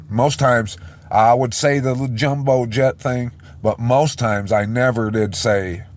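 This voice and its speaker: A man delivers an unscripted sermon in an unhurried, deliberate way. His voice sits low and sounds choked with emotion, and he stumbles, repeats himself and restarts his sentences as he goes. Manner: halting, repeats and restarts words. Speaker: preacher. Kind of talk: informal sermon.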